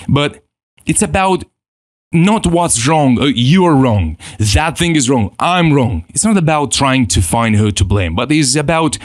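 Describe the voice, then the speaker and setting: A man giving a spoken self-improvement course lesson, talking in an animated way, acting out inner voices and often restarting his sentences. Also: mid-range voice, no echo.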